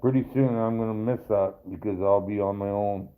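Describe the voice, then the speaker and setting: A man's voice: fairly low pitch, steady tone, a little fast, a little hiss or hum. Rambling man on a tinny stream. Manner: rambling, profane, talks straight to viewers. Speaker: livestream host reading viewer chat. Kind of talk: casual live-stream chat. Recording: tinny phone-like sound.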